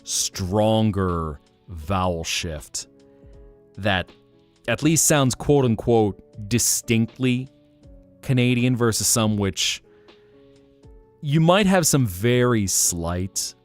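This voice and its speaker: A man hosting a relaxed live stream, chatting with viewers in a soft-spoken, musing way. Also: fairly low pitch, drawn-out words, pauses often, soft background music. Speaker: livestream host.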